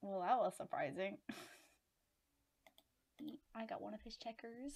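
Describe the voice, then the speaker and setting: A woman's voice: medium pitch, a little slow, pauses often, a little mellow. A young woman casually talking through her own gameplay, giggling often and exclaiming to herself as she plays. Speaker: gaming channel host.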